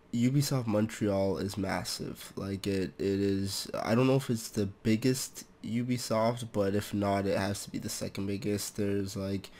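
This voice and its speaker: A young man from Toronto, hosting a casual update vlog in a monotone, hesitant way full of fillers. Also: lowish voice. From Toronto, Canada. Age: young adult. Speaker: programming channel host.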